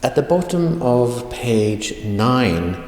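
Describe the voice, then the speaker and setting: Slow, deliberate male teacher in an echoey room. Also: mid-range voice, very animated, darkish tone. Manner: slow, deliberate, repeats example phrases for pronunciation. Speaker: language teacher. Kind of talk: online video lecture. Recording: echoey room with long reverb.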